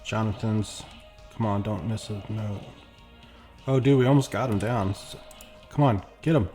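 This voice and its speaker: With faint background music behind him, a man streams a game, rambling casually and performing quoted exchanges. He speaks at normal speed in a warm, steady voice on the low side.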